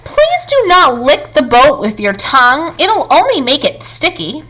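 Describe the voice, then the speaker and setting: Woman playing a zany, excitable chocolate-maker man. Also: high voice, measured pace, voice pushed up, exaggerated voice. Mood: exclaiming. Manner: exuberant, showy.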